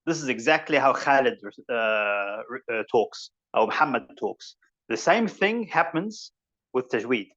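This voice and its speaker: An unhurried man with a medium pitch, lively intonation, and fairly bright tone speaks with a New Zealand accent, the recording's highs cut off. He runs an informal online tajweed lesson, rambling through explanations with occasional Arabic recitation.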